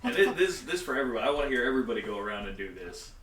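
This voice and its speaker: A man who runs a tabletop game gives blunt, casual feedback to his group and swears freely. His voice is bright and forward. He sits back from the mic in an echoey room with faint noise behind him. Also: mid-range voice, sing-song, rapid-fire, distant mic. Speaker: game master.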